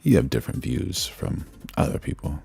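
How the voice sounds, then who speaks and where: A man's voice: a bass voice, big pitch swings, moderate pace, gravelly, mellow, husky, faint music behind. A man hosting a live reaction stream, talking in a laid-back, rambling, slangy way into a streaming mic. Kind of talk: casual live-stream commentary.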